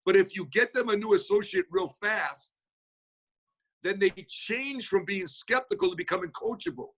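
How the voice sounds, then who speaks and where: A man holding forth in a motivational Q&A, talking quickly in a folksy, energetic way. His voice sits a touch high and rings bright and forceful, coming through a video call. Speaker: speaker answering audience questions. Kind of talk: motivational Q&A talk.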